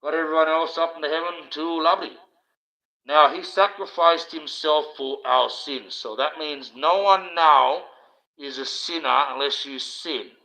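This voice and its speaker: A man's voice: a little high, a little slow, vocal fry, sharp tone. A man, hosting a livestream from indoors and preaching in a rambling, blunt and profane monologue. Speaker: livestream host. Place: indoors, wearing a mask. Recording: dull, lo-fi livestream audio.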